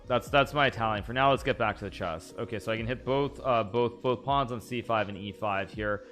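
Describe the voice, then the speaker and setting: A man's voice: fairly low pitch, brisk, hardly any pauses, a bit bright, faint music behind. A man live-streaming a chess game, thinking aloud about his moves and chatting with viewers in a rambling way. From United States.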